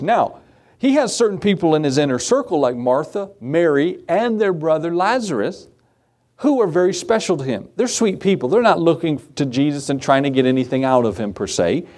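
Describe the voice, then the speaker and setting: A man preaching an evening sermon in a conversational way, asking the congregation rhetorical questions and laughing softly, his pitch lifting for emphasis and dropping at phrase ends. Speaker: pastor.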